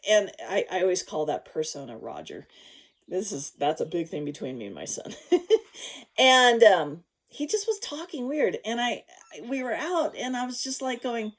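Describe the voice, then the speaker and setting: Woman vlogger with a lively voice that jumps up and down, frank storyteller who swears, goes loud then hushed. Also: medium pitch. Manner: animated, swinging between loud and hushed. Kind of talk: personal storytelling to camera.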